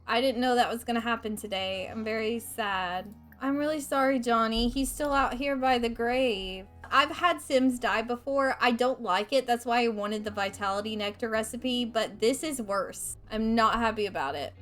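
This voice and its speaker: Chatty higher-voiced woman doing game commentary. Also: a bit bright. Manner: chatty, reads on-screen game text aloud; emotional, openly distressed reactions. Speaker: gaming channel host. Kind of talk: let's play commentary.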